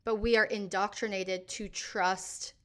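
A woman hosting a podcast, adding comments in a measured, emphatic way. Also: medium pitch, level tone. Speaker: podcast host. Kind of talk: conversational comment.

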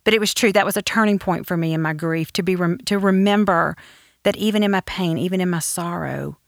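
Heartfelt woman podcast guest with a fairly low voice, dry sound. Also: a little fast, vocal fry, dry recording. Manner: heartfelt, personal, emotional. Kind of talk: reflective Bible study chat.

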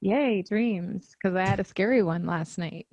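A woman's voice: medium pitch, measured pace, darkish tone, dry recording, lo-fi sound. A woman co-hosting a podcast, telling a story in casual chat and laughing often. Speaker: podcast co-host.

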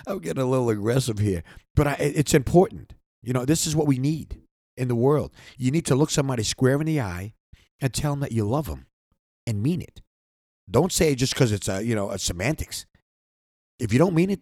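A man's voice: medium pitch, a little mellow, no echo, clean studio sound. A man hosting a podcast, talking in an earnest, rambling way, often repeating words as he gathers his thoughts. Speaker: podcast host. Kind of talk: heartfelt podcast sign-off. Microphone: close microphone.

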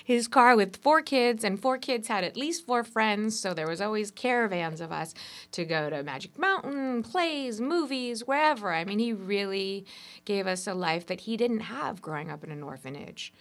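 A woman guest in an interview, telling personal stories in an animated, expressive way. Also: medium pitch, normal speed. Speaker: entrepreneur guest.

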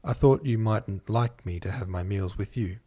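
A man's voice: fairly low pitch, normal speed, dark tone, husky. A man voicing a weary, humble young working-class woman who speaks plainly and self-effacingly.

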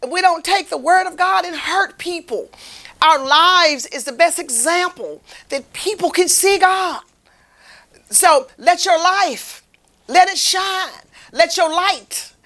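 A woman's voice: very high-pitched, fairly bright tone. A woman delivering a fervent, repetitive street-preaching sermon as a lay minister.

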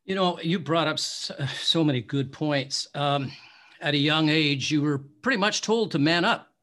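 A man's voice: on the high side, normal speed, a bit bright. A male host in a podcast interview, talking reflectively and searching for words as he sets up questions.

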